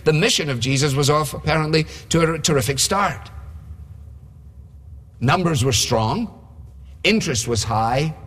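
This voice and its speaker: A man's voice: fairly high pitch, a bit bright. A male preacher giving a sermon in a conversational way, often asking his listeners rhetorical questions. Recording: long hall reverb.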